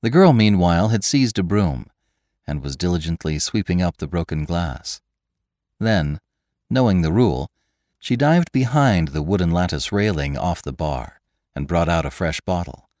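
Deep, expressive male storyteller. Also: normal speed, dry recording, clean studio sound. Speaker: podcast narrator. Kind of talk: scripted narration of a classic tale.

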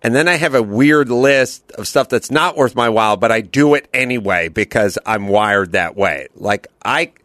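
A man's voice: on the low side, lively intonation, normal speed, few pauses, fairly bright tone, dry recording, clean studio sound. A man hosting a podcast in casual chat, telling rambling stories and acting out the voices of people he quotes. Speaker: podcast host.

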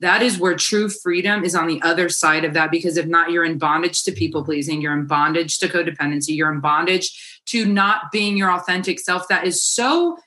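Guest spot: a forceful, low-pitched woman coach, blunt and encouraging. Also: fairly quick, few pauses. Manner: emphatic, encouraging, blunt with casual swearing. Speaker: faith-based life coach guest. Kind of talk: casual podcast conversation.

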